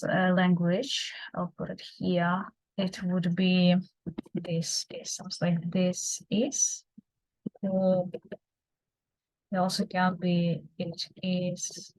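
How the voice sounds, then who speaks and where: A woman teaching beginners, explaining slowly and patiently with many fillers and repeated examples. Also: lowish voice, rough recording. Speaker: Russian language teacher. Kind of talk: beginner language lesson.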